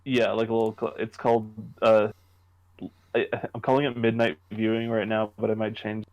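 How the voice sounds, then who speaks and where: Young man, low voice, halting casual chat. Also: level tone, darkish tone, low-quality recording. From Canada. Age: young adult. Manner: halting, restarts often, laughs easily. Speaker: podcast co-host, horror writer.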